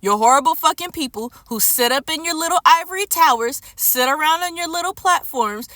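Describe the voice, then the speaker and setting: A woman in a furious, unscripted rant with a high, bright voice. She swears heavily and repeats phrases for emphasis. The sound is dry and close, with no room echo. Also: lively intonation, normal speed, hardly any pauses. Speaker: streamer and vlogger. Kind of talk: unscripted angry rant to camera.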